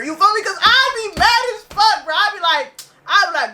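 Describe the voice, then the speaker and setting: High, bright-voiced young woman ranting casually. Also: expressive, brisk. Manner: loose, profane slang-heavy storytelling. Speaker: reaction video host. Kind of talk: casual reaction vlog.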